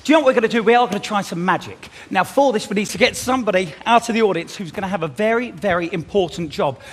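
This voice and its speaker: A man doing a magic act on a theatre stage, bantering cheekily and loudly with the audience. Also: high voice, quick pace. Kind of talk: comic stage patter with audience. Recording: live theatre with loud crowd and noise.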